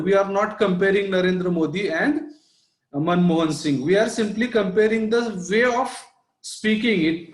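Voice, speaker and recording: A man with a high-sitting voice gives an online lecture on public speaking in an echoey room. He explains and repeats his points, often checking in with a rhetorical "right?", and the audio sounds like an online class.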